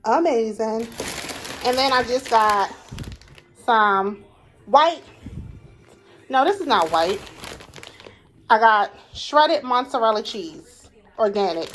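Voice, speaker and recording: A woman talking casually through a grocery haul at home, chatty, repeating herself and quick to get annoyed. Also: fairly high pitch, expressive, a bit bright, a little hiss or hum. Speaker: vlogger.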